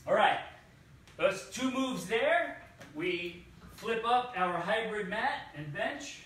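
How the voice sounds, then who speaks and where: A man, a fitness coach, demonstrating exercises and cueing each move with slow, deliberate instructions. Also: high voice, animated, pushed and bright, slight background noise. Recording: echoey room, distant mic.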